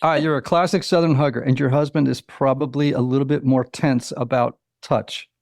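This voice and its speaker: Interview guest, male, 60s, gravelly, animated talker with acted-out asides, dry close mic. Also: mid-range voice, brisk, dry recording. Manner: animated storyteller, acts out quotes, many "you know"s. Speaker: author and psychotherapist, guest. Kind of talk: conversational interview.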